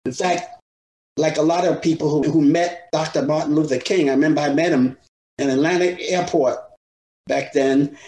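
A man's voice: a little high, fairly even intonation, moderate pace, mellow, echoey room, low-quality recording. An older man, a guest in an interview, telling stories from his life in an earnest, reflective way with small restarts. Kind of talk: casual storytelling.

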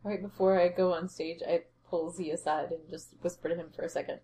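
A woman with a low voice plays a tabletop game, soft-spoken and casual. A faint hiss runs behind her. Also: steady tone, a little fast. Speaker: player.

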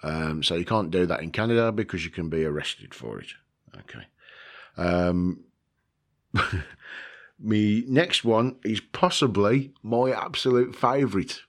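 A man hosting a casual video, rambling through a list with lots of ums, joking about himself and swearing now and then. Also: lowish voice. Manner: rambling, self-mocking, with frequent ums and swearing. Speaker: video host.

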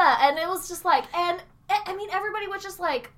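A woman's voice: extremely high pitch, quick pace, few pauses, fairly bright tone. A woman co-hosting a library podcast in a casual, playful chat; she likes doing funny voices.

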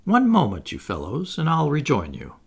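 A man voicing a respectable elderly English gentleman who is hesitant and dazed, turning nervously jovial. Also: on the high side, huge pitch swings, normal speed, gravelly, breathy edge, full character voice. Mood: bewildered, jovial.

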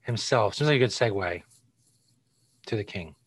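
A man co-hosting a casual podcast chat, laid-back, with dry asides and quick chuckles. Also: on the low side, expressive, breathy edge, no echo. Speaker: co-host.

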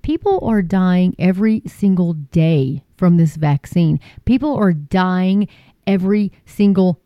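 A woman's voice: unhurried, dry recording. Woman host, sarcastic and indignant, muffled close recording. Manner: indignant, sarcastic, mocking voices with sudden high pitch jumps. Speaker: commentary show host. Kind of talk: casual opinion commentary.

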